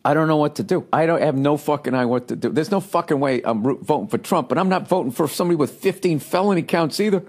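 A fairly high-pitched, slightly mellow male voice races along with hardly a pause. He's an American comedian and podcast host in a solo monologue, ranting with exasperation, swearing, sarcasm, and frequent fillers and restarts as he rambles.

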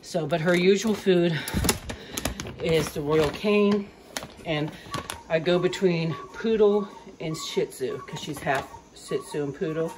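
A woman with a deep voice talks slowly over a noisy background while filming a casual home vlog on a handheld phone. She moves between indoors and the yard, chatting about her dog's routine and cooing to the dog in a sing-song baby voice as its owner.

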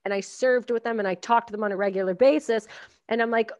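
A woman hosting a podcast interview, talking emphatically and effusively and acting out quotes in animated voices. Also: on the high side, fast talker, no room sound. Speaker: podcast host. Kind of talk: casual interview conversation. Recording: dry, dull audio.

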